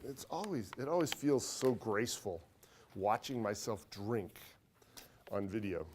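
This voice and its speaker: Hyper, fast-talking male accounting teacher. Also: on the low side, expressive, darkish tone, a little hiss or hum. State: dry throat. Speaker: accounting instructor. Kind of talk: classroom lecture. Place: classroom.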